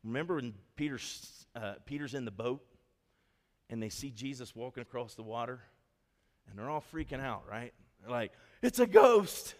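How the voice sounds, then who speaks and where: A man preaching a sermon as a pastor, telling stories in an animated way and acting out the quotes in them. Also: mid-range voice, normal speed. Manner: animated storytelling, acts out quotes. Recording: long hall reverb.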